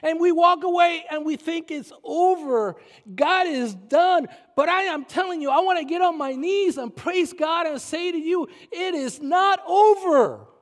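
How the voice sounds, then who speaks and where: Puerto rican pastor, really high voice, slow emphatic preaching, big echo off the church hall. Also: male voice. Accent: Puerto Rican Spanish. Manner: emphatic, repeats phrases and slows down for stress. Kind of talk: sermon. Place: church sanctuary. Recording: long reverb of a church hall.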